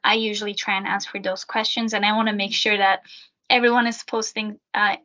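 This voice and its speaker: A woman's voice: medium pitch, little pitch movement, a little fast, bright, forceful tone. A young woman who works as a student peer helper, answering interview questions in a chatty way with a lot of fillers. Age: young adult. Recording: dull lo-fi sound.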